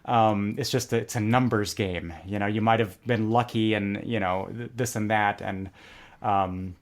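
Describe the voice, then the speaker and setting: A man as a podcast guest, telling stories in a relaxed conversational way and acting out quoted lines. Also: fairly low pitch, measured pace. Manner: animated, acts out quoted lines in a joke. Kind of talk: conversational storytelling.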